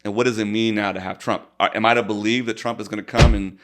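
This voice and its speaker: Man, low voice, casual podcast talk, thoughtful, halting restarts. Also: fairly even intonation, very noisy. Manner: thoughtful, frequent restarts and repeated words. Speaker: co-host, college professor.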